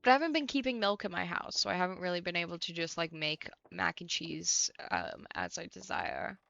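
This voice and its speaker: A woman's voice: lowish voice, big pitch swings, a little fast, vocal fry, a bit bright, dull audio. A young woman from the United States streaming a game, chatting casually and ranting bluntly with plenty of swearing. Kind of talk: casual stream chat while playing.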